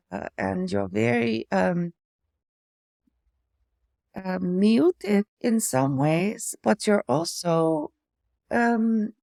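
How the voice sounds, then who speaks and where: A middle-aged woman from Canada whose speech now has an Eastern European-sounding accent, talking slowly and haltingly with many pauses and fillers, affected by aphasia after a stroke. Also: mid-range voice, vocal fry, a little mellow, no echo, clean studio sound. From Hamilton, Ontario, Canada. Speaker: memoir vlogger, former priest. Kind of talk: personal reflective talk to camera.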